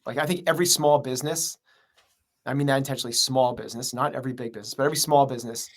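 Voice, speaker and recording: A man's voice: mid-range voice, fairly even intonation, very fast. A man who runs a gym, speaking as a podcast interview guest in an earnest, rambling way full of fillers. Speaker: gym owner and coach.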